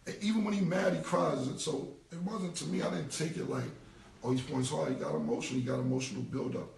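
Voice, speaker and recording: A man's voice: fairly high pitch, fairly even intonation, fast talker, vocal fry, darkish tone, reverberant, recorded from a distance. A man in his forties with a New York accent, ranting bluntly in street slang and cursing on a casual live stream. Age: 40s. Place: indoor room, live stream. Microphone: phone mic.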